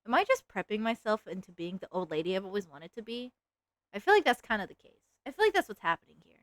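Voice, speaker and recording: A woman's voice: medium pitch, sing-song, fast, no room sound. A young woman streamer chatting casually with her viewers while she draws, giggly and self-mocking. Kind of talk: casual live-stream chat while drawing.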